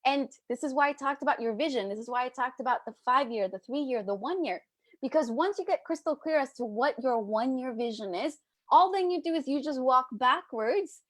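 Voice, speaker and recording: Casting: woman business coach, high bright voice, energetic, playful, live group talk, dry close mic. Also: fairly quick, no echo.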